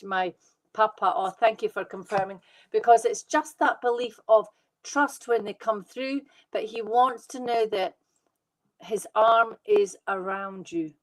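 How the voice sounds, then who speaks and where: Excitable woman giving psychic readings. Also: a little high, rough recording. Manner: excitable, gushing, talks fast and reassuringly. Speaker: medium giving live readings. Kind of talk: live online psychic reading.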